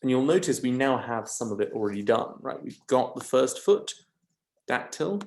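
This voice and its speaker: A man teaching a lesson, slowly and patiently talking through each syllable. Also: medium pitch, expressive, a little mellow. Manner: slow, patient, stresses syllables one by one. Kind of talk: lecture on scanning Greek verse.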